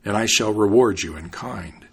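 A man's voice: on the low side, moderate pace, husky. A man reading the part of a formal, stern master in a storybook tale.

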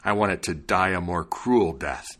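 A man voicing a furious, bitter grown wagoner with a low, slow voice. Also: fairly bright tone. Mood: vengeful. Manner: angry, vengeful.

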